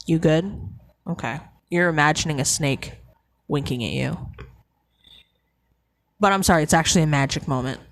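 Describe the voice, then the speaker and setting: A woman's voice: lowish voice, fairly bright tone. A woman streamer reading a novel aloud to her chat and breaking off into sarcastic, chatty asides that ramble and restart. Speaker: streamer hosting a book club.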